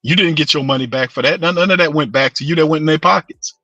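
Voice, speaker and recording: A New man rants about his team with a bright, forceful edge to his slightly high voice. He repeats himself for emphasis and talks straight to his listeners in slang. The sound is close and dry, with no room around it. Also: quick pace, no echo, dull audio. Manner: passionate, repetitive, slangy, addresses listeners as fam and bro. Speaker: sports show host. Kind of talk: fired-up sports fan rant.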